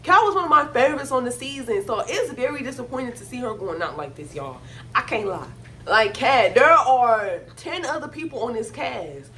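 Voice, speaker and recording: A woman's voice: a little high, animated, moderate pace, a bit bright, slight background noise. A woman casually recapping a reality show episode, talking bluntly with slang and plenty of profanity.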